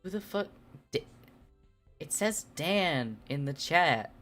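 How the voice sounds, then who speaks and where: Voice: medium pitch, lively intonation, slow, a bit bright, faint music behind. A streamer chatting casually with viewers and reading aloud, laughing often and stumbling over words. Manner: self-deprecating, chats with viewers.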